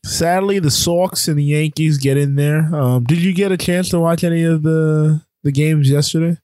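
A man's voice: on the high side, fairly even intonation, mellow, no room sound. Chatty male sports podcast host. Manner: chatty, quick asides, frequent ums. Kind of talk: casual sports chat.

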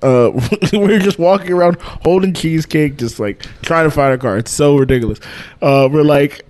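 A man's voice: fairly high pitch, normal speed, darkish tone. A man co-hosting a podcast, telling a long rambling story in casual chat and laughing often. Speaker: podcast co-host.

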